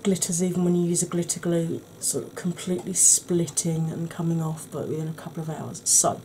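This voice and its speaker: Soft-spoken woman, slightly husky. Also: lowish voice, fairly even intonation, brisk, a little hiss or hum. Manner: chatty, explanatory, soft-spoken. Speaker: makeup tutorial host. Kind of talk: soft-spoken ASMR makeup tutorial.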